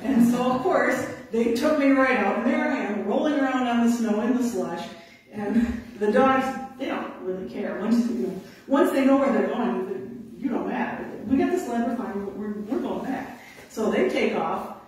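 Woman storyteller, animated and laughing, acts out each quote; distant mic in a heavily echoing room. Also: fairly high pitch, moderate pace. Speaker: conservation officer giving a talk. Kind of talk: storytelling to an audience. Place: indoor talk venue.

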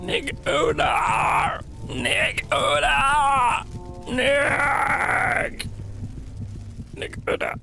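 A man voicing tormented shadowy creatures, moaning and shouting in anguish. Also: extremely high pitch, expressive, very slow, gravelly, faint music behind, heavily acted. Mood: wailing.

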